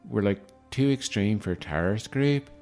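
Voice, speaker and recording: A man's voice: on the low side, expressive, moderate pace, a little mellow. Man playing a chatty, teasing Northern Irish heavy who rambles, with faint music behind. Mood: sly. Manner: rambling, teasing, mock-formal "Mister Ford".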